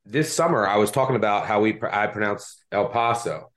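A man's voice: on the low side, fast talker, fairly bright tone. A man with a Delco accent hosting a casual sports betting podcast, chatty and self-deprecating. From Delaware County, Pennsylvania. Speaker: podcast host.

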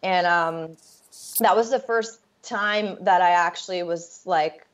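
Candid woman telling her story, lo-fi sound. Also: fairly low pitch. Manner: candid, halting, with many fillers and restarts. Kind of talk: personal storytelling in an interview. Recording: dull lo-fi sound.

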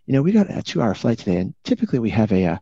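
A suave airline captain making a calm announcement, as a man puts him on. The voice drops low and quiet, unhurried and smooth. Heard through dull, lo-fi call audio. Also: no room sound, full character voice.

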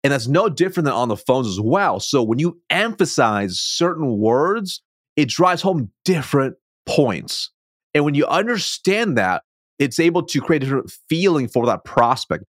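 A man being interviewed as a sales coach, a self-described fast talker who stumbles and restarts his words, speaking over a video call. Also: medium pitch, big pitch swings, no room sound, clean studio sound. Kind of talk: conversational interview.

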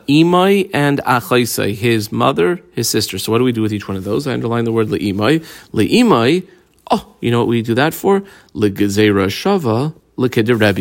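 Gravelly man teaching Talmud. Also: mid-range voice. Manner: mixes Hebrew-Aramaic terms with English, explains step by step. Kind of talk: daf yomi Talmud lesson, casual explanation.

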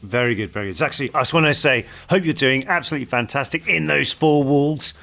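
A man's voice: mid-range voice, fast talker, gravelly, pushed and bright. A man co-hosting a podcast, chatting casually and playfully and putting on silly voices now and then. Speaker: podcast co-host.

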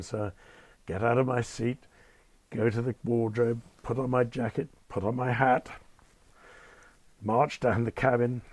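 A man's voice: medium pitch, steady tone, measured pace, long pauses, no room sound. An older man, a former airline captain telling anecdotes with dry understatement and acting out the people he quotes. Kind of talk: anecdotal storytelling in conversation.

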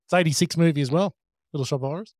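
Animated man telling stories. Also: fairly high pitch, racing, no room sound, studio quality. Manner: animated storyteller, acts out quotes. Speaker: podcast co-host. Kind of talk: casual movie podcast chat.

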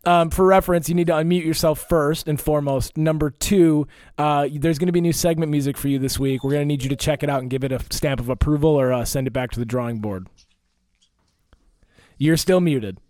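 A man's voice: on the high side, steady tone, brisk, a little mellow, no echo, studio quality. A young man hosting a casual podcast, joking and teasing his guests. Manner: joking, teasing, laughs often. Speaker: podcast host.

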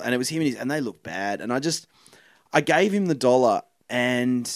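A comedian in casual chat, rambling through an anecdote and getting worked up. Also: male voice, medium pitch, expressive, normal speed, dry recording, studio quality.

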